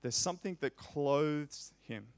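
A man's voice: on the high side, expressive. A man preaching a sermon, reading scripture aloud and repeating phrases with rising, emphatic force. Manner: impassioned, rising loud on repeated phrases, slow emphatic delivery.

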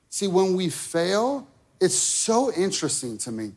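A man's voice: sits high, very animated, a little slow, darkish tone, slightly rough. A man preaching a sermon, conversational and direct, checking in with the listeners often. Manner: conversational preaching with frequent okay and right. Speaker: pastor.

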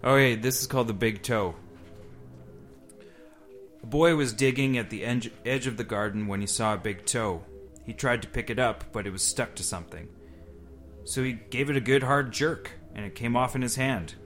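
A man's voice: mid-range voice, moderate pace, fairly bright tone, soft background music. A man hosting a podcast, reading a spooky story aloud to friends, breaking in with casual asides. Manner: reads aloud with asides and laughs. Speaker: podcast host.

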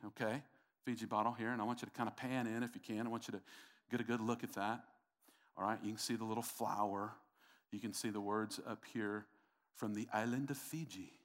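A middle-aged man preaching a sermon, emphatic and repetitive, calling out to the congregation. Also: medium pitch. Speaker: pastor.

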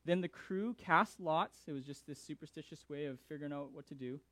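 Animated, fairly high-voiced male preacher. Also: fairly quick, no room sound. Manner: animated, emphatic, repeats words. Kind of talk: scripture reading and sermon commentary.

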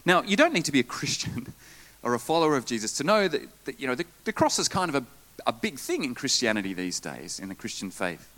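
Male pastor, animated Sunday sermon, jokey asides. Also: mid-range voice, quick pace. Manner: lively preaching with asides and jokes.

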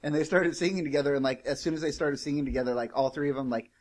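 A man's voice: a little high, steady tone, rapid-fire, a little mellow. A man co-hosting a podcast, telling a story casually with lots of "like" and swearing. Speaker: podcast co-host.

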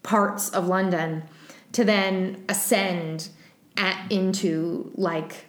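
A woman's voice: lowish voice, fairly even intonation, drawn-out words, roomy sound. A woman co-hosting a podcast, chatting casually with many fillers and laughs. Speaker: podcast co-host. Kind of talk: casual chat.

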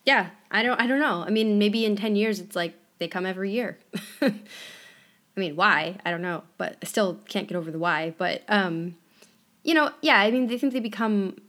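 A woman's voice: mid-range voice, fairly bright tone. A woman co-hosting a podcast in casual chat, thoughtful, with many fillers, lifting her voice when she stresses a point. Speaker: podcast co-host.

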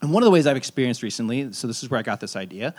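A man in his thirties, a pastor preaching a sermon in a relaxed, conversational and self-deprecating storytelling way. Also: mid-range voice, rapid-fire.

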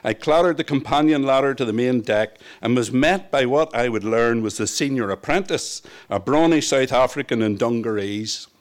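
A man from Northern Ireland reads his own memoir aloud, narrating in the first person with a wry, reflective storytelling touch. His voice sits at a medium pitch, and he moves at a moderate pace with few pauses.

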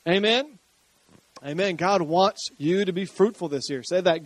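High-voiced male pastor preaching. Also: a little slow, no room sound. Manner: preaching with rising energy, joking with the congregation. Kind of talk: sermon.

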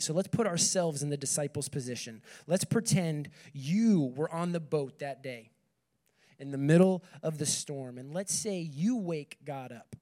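A man's voice: on the high side, a little mellow. A young man giving a conversational sermon to a group, reading scripture and checking in with "okay" and "right". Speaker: speaker at a campus ministry meeting.

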